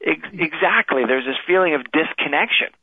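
A man's voice: a little high, lively intonation, a little fast, breathy edge, no echo. A man being interviewed as a guest, speaking earnestly and self-deprecatingly, with many restarts. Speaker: guest author. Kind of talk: casual interview chat. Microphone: telephone. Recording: tinny phone line.

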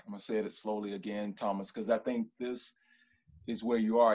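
A man's voice: on the low side, level tone, a little fast, a little mellow, lo-fi sound. A man speaking as a panelist on a video call, emphatic and repeating his key lines with a preacher-like rhythm. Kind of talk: panel discussion.

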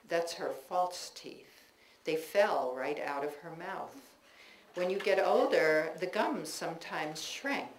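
Lower-voiced woman reading a memoir aloud. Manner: wry, expressive storytelling with warm laughter. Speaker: writer reading her work. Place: bookstore reading, indoors. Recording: roomy bookstore with faint noise.

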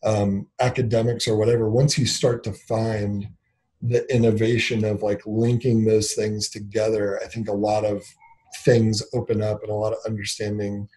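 A man's voice: on the low side, flat delivery, normal speed, mellow, poor audio. A man in his thirties, a company founder, telling a personal story as an interview guest in a candid, filler-heavy way, often acting out what people said. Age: 30s. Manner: candid, filler-heavy, acts out quoted dialogue.

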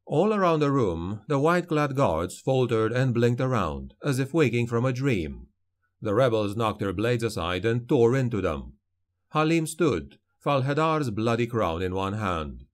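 A man narrating a fantasy audiobook in a dramatic, measured storytelling manner. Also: mid-range voice, very animated.

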